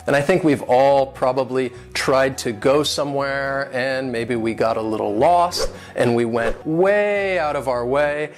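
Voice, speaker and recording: A man's voice: mid-range voice, measured pace, hardly any pauses, faint music behind. Patient man teaching word pronunciation. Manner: clear, patient, spells out syllables and stress. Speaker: English teacher. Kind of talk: vocabulary and pronunciation lesson.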